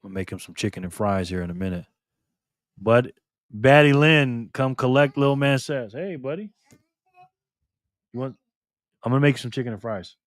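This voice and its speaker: A man's voice: mid-range voice, moderate pace, pauses often, no room sound, studio quality. A man hosting a casual live stream, chatting loosely with viewers by name and repeating himself.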